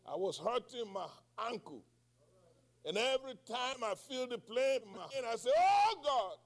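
A man's voice: extremely high pitch, normal speed, vocal fry, a bit bright. A man in his sixties preaching a sermon, asking the congregation questions and crying out in prayer. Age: 60s. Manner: call-and-response questions, cries out in prayer.

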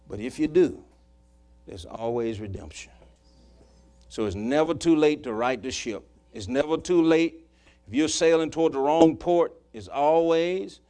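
A man preaching a sermon, telling a personal story in a folksy way that swings from loud to hushed. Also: medium pitch. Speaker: pastor.

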